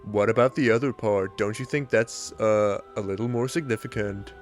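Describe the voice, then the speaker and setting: A man's voice: on the low side, normal speed, faint music behind, close to an everyday voice. A man reading the lines of an earnest, somewhat awkward teenage boy, in a plain, sincere way. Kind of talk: comic reading of a webcomic.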